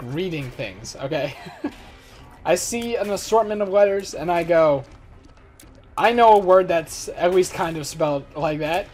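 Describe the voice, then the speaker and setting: High and a little mellow, this man's voice carries casual let's play commentary. In his twenties, he rambles, cracks jokes, and mocks himself as he plays.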